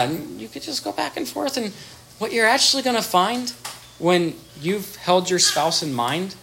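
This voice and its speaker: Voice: medium pitch, moderate pace, gravelly, a little hiss or hum. A therapist giving casual advice, talking animatedly, often restarting words and acting out bits of dialogue. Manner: animated, acts out little dialogues in changing voices.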